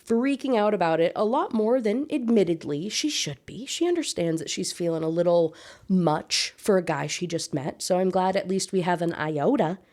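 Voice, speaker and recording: A woman's voice: lowish voice, expressive, moderate pace, a little mellow. A young woman with a Southern US accent ranting sarcastically about a novel, laughing and exasperated. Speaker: book reviewer. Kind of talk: casual book rant with read-aloud excerpts.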